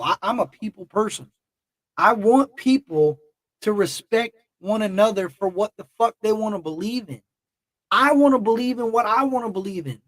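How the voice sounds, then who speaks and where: A man with a high-pitched voice talks straight to his livestream chat, blunt and heated, swearing freely. He rambles and circles back on himself. The sound is dry, with no room echo. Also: expressive, moderate pace, a bit bright. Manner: emotional and heated. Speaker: YouTube livestream host. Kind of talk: casual livestream talk to chat.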